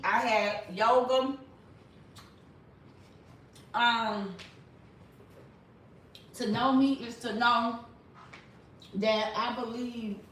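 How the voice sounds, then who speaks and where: A woman in her forties hosts a casual live-stream commentary, speaking straight to her chat in a slow, drawn-out drawl. Her slightly high, a bit bright voice is blunt and sassy. The room echoes noticeably, with slight background noise.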